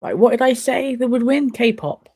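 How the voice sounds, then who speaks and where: A woman's voice: fairly high pitch, lively intonation, moderate pace, a little mellow, husky. A young woman casually chatting and swearing while she watches an awards show live for her stream viewers. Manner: chatty, swears, laughs and banters at the screen. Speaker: streamer hosting a watch party.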